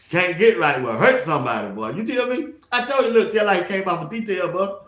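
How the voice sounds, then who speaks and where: Animated man talking football. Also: high voice, fairly quick, reverberant. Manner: animated, laughing often, slangy trash talk. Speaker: sports talk host. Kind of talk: casual sports commentary.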